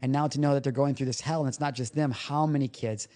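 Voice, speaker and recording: Here a man with a mellow, mid-range voice talks quickly in a steady tone. As a recovery coach guesting on a podcast, he recounts his own experiences with raw honesty, emotion and offhand cursing.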